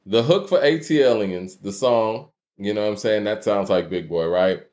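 A man hosts a casual live-streamed debate, reading viewers' super chats aloud in a loose, conversational way with many fillers and walking through examples. His fairly low voice is a little mellow and at normal speed, with slight background noise.

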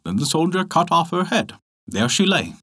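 A man narrating a folk tale as a storyteller, expressive and animated. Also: on the high side, moderate pace, husky.

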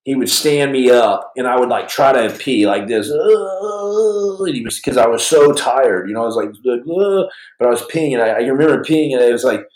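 Forties guy hosting a livestream, rambly and jokey, jumps from loud to mumbly, roomy echo. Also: mid-range voice, fairly quick. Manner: rambling, jokey, swings between loud bursts and soft mumbles. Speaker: podcast host. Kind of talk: livestream storytelling and reading chat questions. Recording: echoey room.

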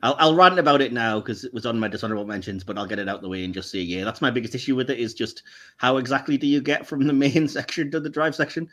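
A man hosting a casual podcast, chatty and quick to laugh. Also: medium pitch. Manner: chatty, laughs often, animated. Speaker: podcast host.

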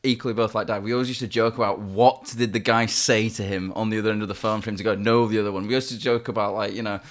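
A man co-hosting a podcast in casual chat, retelling scenes in an animated way and acting out the quotes. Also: fairly low pitch, fast talker. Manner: animated storyteller, acts out quotes. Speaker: podcast co-host.

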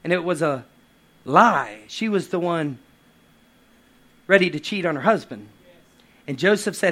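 A man preaching a lively sermon with playful asides and acted quotes. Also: fairly high pitch, unhurried, long pauses. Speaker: pastor.

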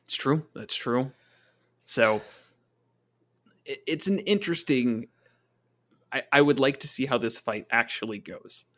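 A man's voice: mid-range voice, a bit bright. Chatty man talking tabletop game tactics. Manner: chatty, acts out quick voices for monsters and players. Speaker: podcast co-host, game master. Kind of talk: casual tabletop gaming discussion.

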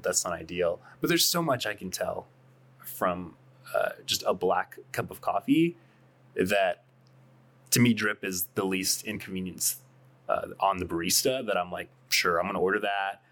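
Low-voiced man explaining casually. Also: a bit bright. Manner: thoughtful, repeats words when starting a thought. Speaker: coffee shop co-owner, guest. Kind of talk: casual podcast conversation.

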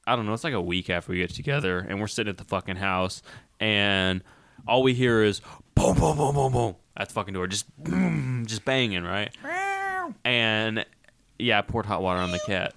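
Animated bright-voiced storytelling man. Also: lowish voice, vocal fry, dry recording. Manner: animated, swearing, acting out voices in his stories. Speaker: podcast co-host and storyteller. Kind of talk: casual crude storytelling chat.

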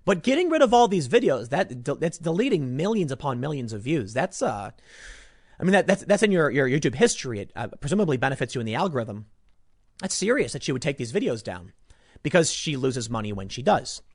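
A man delivering opinionated commentary, sarcastic and mocking, swinging between loud outbursts and muttered asides. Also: medium pitch, sing-song, a little fast, no room sound, studio quality.

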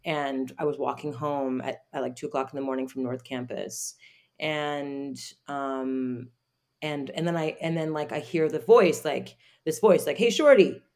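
A woman guest telling a personal story in an interview, halting, with many fillers and restarts. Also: low-pitched, dark tone.

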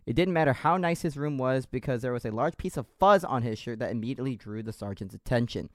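A man's voice: medium pitch, animated, quick pace, dry recording, studio quality. A man hosting a casual podcast, reading out a listener's story in a loose, joking way. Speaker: podcast host.

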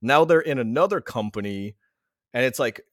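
A man's voice: medium pitch, normal speed, dry recording, clean studio sound. A man, a returning podcast guest and a father, ranting sarcastically in casual chat. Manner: sarcastic, animated rants.

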